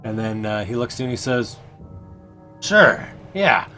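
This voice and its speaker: A man narrating as game master of a tabletop game, relaxed and halting with many fillers. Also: lowish voice, soft background music.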